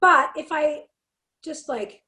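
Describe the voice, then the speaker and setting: A woman with a raspy voice, a singer guesting on a podcast, telling stories excitedly and swearing freely. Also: high voice, slow. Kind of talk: casual chat.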